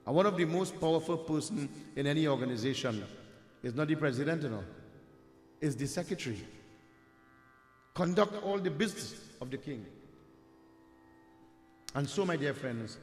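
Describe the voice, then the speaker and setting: A Trinidadian man with a Trinidadian accent, a Hindu preacher, tells a devotional katha as a sermon in a fairly high, animated voice at normal speed, leaving long pauses. His manner is rhetorical, calling out "my dear friends" and asking "huh?". The recording comes from an echoey hall with long reverb.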